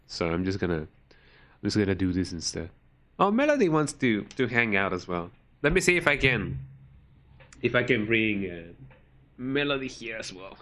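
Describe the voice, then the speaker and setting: A man's voice: fairly low pitch, pushed and bright. A man streaming a video game, chatting in a rambling, jokey way that trails off with "you know". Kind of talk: casual live-stream commentary.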